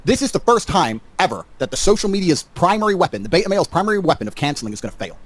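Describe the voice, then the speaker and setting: A man's voice: high-pitched, big pitch swings, racing. A man talking defiantly to viewers in a livestream monologue, rallying them directly. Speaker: online personality.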